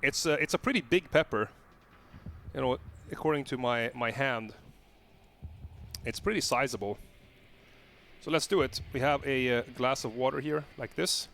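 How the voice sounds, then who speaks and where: A man tasting a hot pepper on camera and talking it through casually, halting with lots of fillers and restarts. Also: mid-range voice, a bit bright, a little hiss or hum. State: gasping and coughing from pepper heat. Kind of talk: casual vlog commentary.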